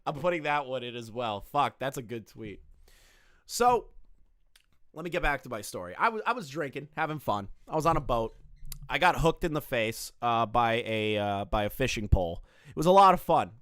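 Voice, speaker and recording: A man's voice: mid-range voice, animated, moderate pace, fairly bright tone, no room sound, clean studio sound. A man on a casual livestream reacting to online drama, swearing freely, joking and talking straight to his chat.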